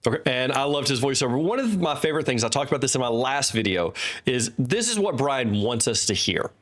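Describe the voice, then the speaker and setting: Man, author hosting a screen-share tutorial, unscripted, loose delivery, middle pitch. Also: very animated, a little fast. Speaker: author and host. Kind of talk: casual screen-share walkthrough. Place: desk with teleprompter.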